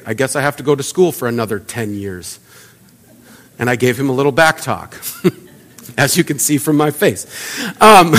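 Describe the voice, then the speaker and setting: A man preaches to his congregation in a relaxed, conversational way, tossing in rhetorical questions and little acted-out asides. His voice sits a touch above the usual male pitch. A long reverb from the church hall trails behind each phrase. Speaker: pastor. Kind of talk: sermon. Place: church sanctuary.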